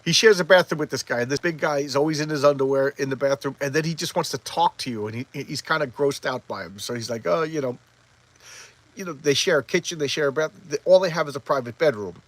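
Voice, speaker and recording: A man's voice: fairly high pitch, no echo, low-quality recording. Rambling, enthusiastic man chatting about comics. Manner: rambling, halting, stumbles over words. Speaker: comic book collector reviewing back issues. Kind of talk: casual comic review chat.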